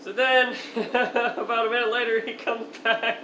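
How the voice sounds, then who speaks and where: A woman's voice: fairly high pitch, little pitch movement, measured pace, pushed and bright, reverberant, slight background noise, low-quality recording. A young woman vlogger tells a story to the camera, laughing often and swearing as she goes. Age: young adult. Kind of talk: storytime vlog.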